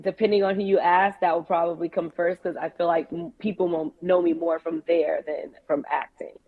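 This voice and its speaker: Woman, young adult, from New York, interview guest, easygoing, low pitch, lo-fi call audio. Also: flat delivery, moderate pace. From New York, USA. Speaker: guest, podcast co-host. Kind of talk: casual interview, remote call.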